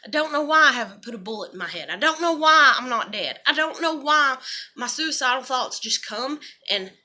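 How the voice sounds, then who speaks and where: Speaking briskly in a high, expressive voice with a sharp tone, a thirtysomething woman pours out her feelings. It's a meandering, emotional vlog monologue full of curse words.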